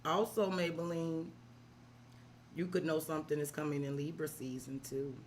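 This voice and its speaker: There's slight background noise as a deep-voiced woman reads tarot on a live stream at a moderate pace and level tone. She speaks to the client directly in casual slang laced with profanity, regularly asking "right?"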